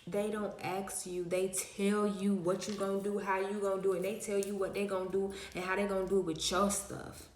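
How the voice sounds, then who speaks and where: A woman's voice: medium pitch, a little fast, few pauses. Chatty woman vlogger in an echoey room. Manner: animated, emphatic, slangy, many fillers. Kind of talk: casual storytelling to viewers.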